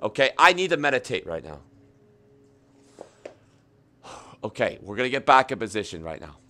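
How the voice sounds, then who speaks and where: A man's voice: medium pitch, sing-song, moderate pace, bright, forceful tone. A male streamer hosting a comedic meditation bit, sounding flustered and exasperated as he complains. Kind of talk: comedic live-stream chat.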